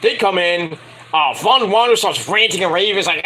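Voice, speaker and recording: A man's voice: sits high, lively intonation, normal speed, sharp tone, poor audio. A man giving a casual, crude and opinionated wrestling review, swearing freely.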